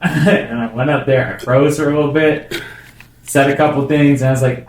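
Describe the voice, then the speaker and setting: A man's voice: on the high side, moderate pace, roomy sound. A man in his twenties chatting casually and telling comedy stories, laughing often and acting out what others said. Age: 20s. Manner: animated storyteller, laughs often. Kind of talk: casual chat, storytelling.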